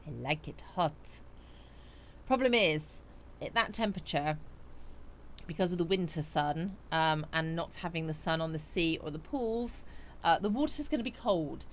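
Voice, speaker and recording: Sleepy, chatty woman with a low voice. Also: lively intonation, normal speed, slight background noise. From West Country, England. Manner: chatty, greets viewers by name and answers their comments. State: sleepy, yawning. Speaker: livestream host. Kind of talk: casual live chat with viewers. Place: small warm home studio.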